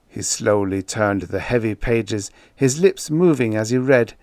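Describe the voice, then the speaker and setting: A man narrating a first-person horror story in a measured, grave manner. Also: lowish voice, animated, a little mellow, no room sound, clean studio sound. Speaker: audiobook narrator.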